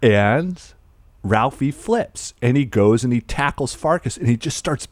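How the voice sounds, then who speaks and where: A man co-hosting a podcast, retelling film scenes in an animated, laughing way. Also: medium pitch, measured pace, dry recording. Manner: animated storyteller, laughs often, acts out film lines. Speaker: podcast co-host. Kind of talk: casual film discussion.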